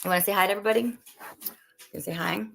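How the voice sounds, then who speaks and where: Cooking on her livestream, a woman from the Northeastern United States rambles casually and answers viewer comments, saying "like" and "um" a lot. She talks very fast at a medium pitch, with a steady, fairly bright tone. There's a little hiss or hum in the audio.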